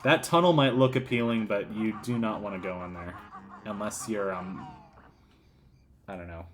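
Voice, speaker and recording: A man's voice: on the low side, moderate pace, soft background music. A man giving casual gameplay commentary as a let's player, rambling and joking, with silly voices thrown in.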